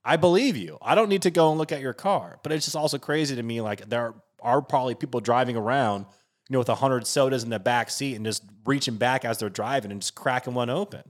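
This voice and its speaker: A man's voice: medium pitch, quick pace. A man co-hosting a podcast in casual, joking chat, swearing and laughing often. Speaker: podcast co-host.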